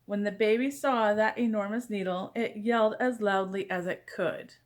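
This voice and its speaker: A woman reading a children's picture book aloud, gentle and expressive in bedtime style. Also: mid-range voice, normal speed. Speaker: storyteller.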